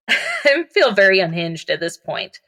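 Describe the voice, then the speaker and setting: Young woman guest telling her own story, mid pitch, lots of "like", casual and candid. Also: wildly swooping pitch, unhurried, sharp tone. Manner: casual, frequent "like" fillers, candid. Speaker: podcast guest. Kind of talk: personal storytelling.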